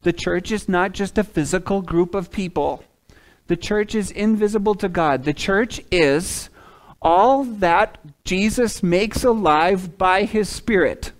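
A man preaching a sermon as a pastor, swinging from loud emphatic lines to hushed ones and acting out quoted speakers. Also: sits high, slow. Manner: acts out the prophet's and God's words in quoted asides.

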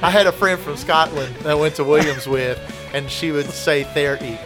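A man chats loosely as a podcast co-host, joking and filling gaps with "uh". His voice sits a little high. Faint music plays in the background. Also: fairly even intonation, normal speed. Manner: rambling, joking, with fillers. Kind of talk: casual chat.

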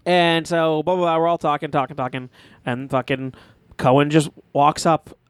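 A man's voice: a little high, little pitch movement, normal speed, smooth, dry recording, clean studio sound. A man on a podcast telling a rambling, crude story, laughing often. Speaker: podcast co-host. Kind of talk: casual chat.

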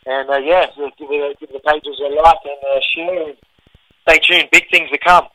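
A man's voice: on the high side, fairly even intonation, moderate pace, bright, forceful tone, no room sound, low-quality recording. A young Australian man, a fighter guest, chatting in a laid-back way and laughing easily during a casual phone interview.

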